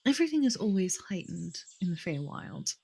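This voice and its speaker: Woman player, calm and low-key, lowish voice. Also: a little fast, creaky, husky. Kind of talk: tabletop play, describing a character.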